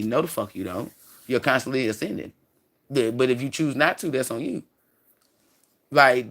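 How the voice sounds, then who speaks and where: A man's voice: mid-range voice, bright, forceful tone. A man hosting a spiritual livestream, preaching in a profane, rambling way. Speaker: livestream host.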